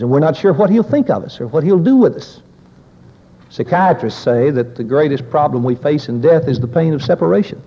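A man preaching a sermon in an earnest, measured, reflective way. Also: a little high, breathy edge. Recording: old lo-fi recording with long reverb.

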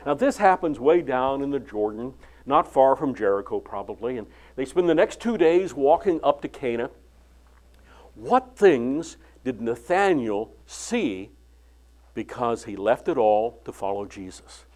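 An older man preaching a sermon, retelling the Bible story and acting out its dialogue with lively inflection. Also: medium pitch, measured pace. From California.

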